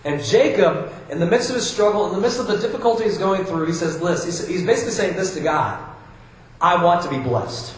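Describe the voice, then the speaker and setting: A man's voice: sits high, quick pace, hardly any pauses. A man from Iowa preaching a sermon, switching between chatty stories full of restarts and reading scripture aloud. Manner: conversational storytelling with frequent restarts, reads scripture aloud. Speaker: pastor. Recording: very echoey hall.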